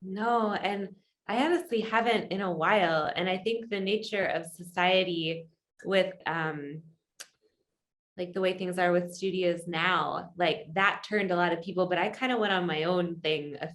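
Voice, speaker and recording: Female guest, frank and rambling in casual talk, lowish pitch. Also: steady tone, normal speed, fairly bright tone. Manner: candid, rambling, thoughtful. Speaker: yoga teacher and musician guest. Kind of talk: casual interview chat.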